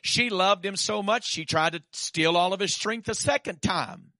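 Male preacher, stammering restarts that build to forceful declarations, bright high-leaning voice, dry sound. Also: normal speed, no echo. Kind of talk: sermon.

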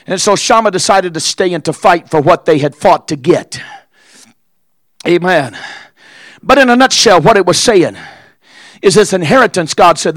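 A man preaching a sermon as pastor, impassioned, with frequent "uh" fillers between shouted phrases. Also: sits high, expressive, normal speed, pauses often, no room sound.

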